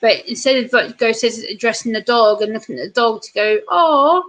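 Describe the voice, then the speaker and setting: A woman's voice: on the high side, animated, fairly quick, fairly bright tone, rough recording. A woman chatting casually, telling a story about meeting a service dog. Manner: chatty anecdotes with fillers. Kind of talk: casual chat.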